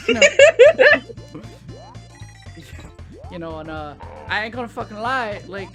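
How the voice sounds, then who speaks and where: A man's voice: high-pitched, wildly swooping pitch, slow pace. A man in his thirties from South Louisiana with a South Louisiana accent, chatting casually and rambling as he plays a video game. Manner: rambling, loses his train of thought. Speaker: gaming show host. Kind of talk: casual chat while playing a video game. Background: game music.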